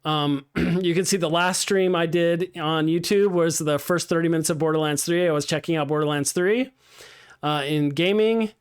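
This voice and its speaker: A man's voice: fairly high pitch, fairly even intonation, moderate pace, clear, resonant tone. Upbeat man teaching live streaming. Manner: casual, upbeat, many ums and restarts. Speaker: game streaming instructor. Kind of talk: live-streamed class walkthrough.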